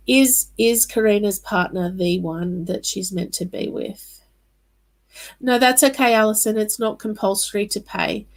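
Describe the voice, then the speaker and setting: A woman doing live-stream psychic card readings, talking casually and reassuringly, often pausing with "um" and "all right" as she calls viewers by name. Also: medium pitch, creaky, low-quality recording.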